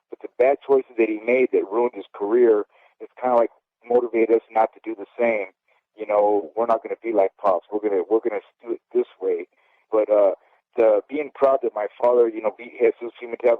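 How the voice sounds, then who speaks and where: A man's voice: lowish voice, no echo. A man in his fifties, a former boxer, telling his life story in an interview in a candid, rambling way, often asking "okay?". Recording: dry, phone-like audio.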